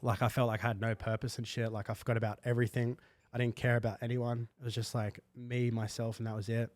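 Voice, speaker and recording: A man's voice: mid-range voice, little pitch movement, quick pace, a little mellow, no room sound. A young man telling a personal story in a casual, slangy podcast chat full of fillers. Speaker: guest. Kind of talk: candid podcast conversation.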